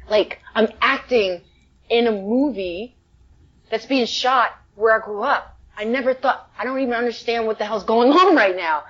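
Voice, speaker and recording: Animated woman from the Bronx, lo-fi. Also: mid-range voice, husky. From the Bronx, New York. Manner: animated, emotional, heavy use of "like" fillers. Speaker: actress, interview guest. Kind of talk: casual interview storytelling. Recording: dull lo-fi sound.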